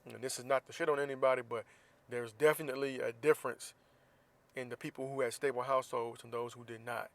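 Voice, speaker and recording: A man from Florida hosts a podcast alone, delivering a casual monologue in a blunt, heated way with plenty of profanity. His mid-range voice keeps a steady tone and moves fast.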